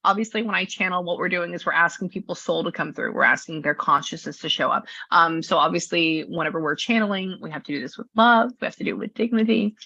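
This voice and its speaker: A woman's voice: fairly low pitch, fast, creaky, hardly any pauses, sharp tone. Chatty Southern woman on a dull video call. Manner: chatty, rambling, full of filler words. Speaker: psychic medium. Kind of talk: casual chat on a video session. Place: her new studio.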